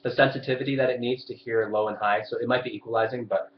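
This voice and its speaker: A man's voice: medium pitch, steady tone, fast, a little hiss or hum. A young man teaching a live violin lesson over his webcam mic. He explains, demonstrates and asks his viewers questions. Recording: roomy, dull webcam audio.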